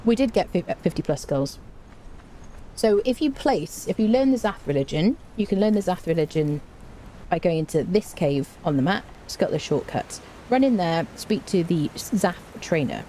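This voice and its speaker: A woman's voice: fairly low pitch, lively intonation, normal speed, warm tone, a little hiss or hum. A woman streaming a game, giving chatty live commentary, talking to her chat and humming to herself as she plays.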